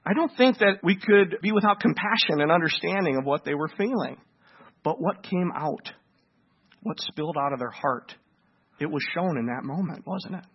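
A man preaching a sermon to a congregation, animated and asking them questions. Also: a little high, normal speed, breathy edge, lo-fi sound. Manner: animated, asks the congregation questions, acts out voices.

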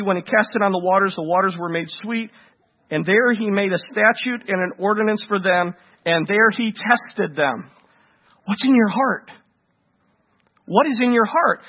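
A man preaching a sermon to a congregation, animated and asking them questions. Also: high-pitched, slightly rough, highs cut off. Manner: animated, asks the congregation questions, acts out voices.

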